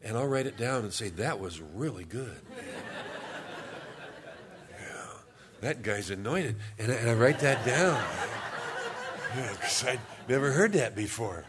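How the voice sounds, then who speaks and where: A man's voice: mid-range voice, expressive, normal speed, heavy background noise. Pastor, man, casual humorous sermon delivery, mid-range voice. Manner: conversational, humorous storytelling.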